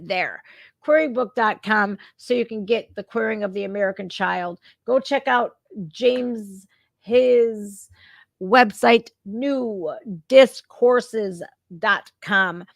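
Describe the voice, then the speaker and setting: This woman, hosting her own show, reacts in a casual, fired-up rant with lots of swearing. She has a mid-range voice with vocal fry, heard with no echo over a remote streaming setup.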